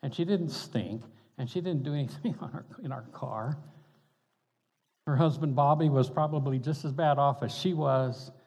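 A man's voice: mid-range voice, moderate pace, darkish tone, slightly rough. An older man, a pastor telling stories in a folksy, conversational sermon, chuckling between points. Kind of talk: storytelling sermon. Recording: dull reverberant hall sound.

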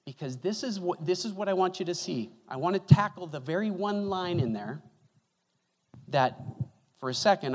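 A man preaching a sermon as pastor, animated and joking, moving from loud bursts to hushed asides. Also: on the high side. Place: church hall. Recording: long reverb of a hall.

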